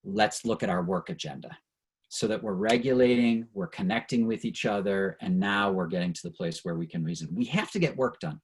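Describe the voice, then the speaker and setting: A man's voice: fairly low pitch, brisk, hardly any pauses, slight background noise, poor audio. A middle-aged man leading an online training session over a video call, earnest and reflective, and openly emotional at times.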